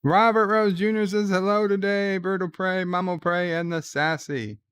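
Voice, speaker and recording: A man hosts a live reaction stream, retelling scenes, quoting their lines plainly, and reading viewers' chat messages aloud. His voice sits high, steady and a bit bright, clear and resonant at a moderate pace, in a dry, studio-quality recording.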